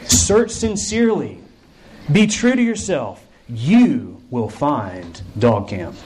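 A man voicing a dreamy, vague female camp group leader who speaks in slow, airy, mystical pronouncements. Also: medium pitch, very animated, a little mellow, a little hiss or hum, low-quality recording.

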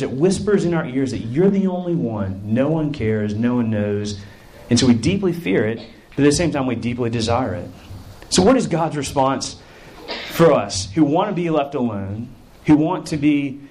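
A man's voice: medium pitch, darkish tone. A male pastor preaching a sermon in an earnest way, drawing out phrases for emphasis.

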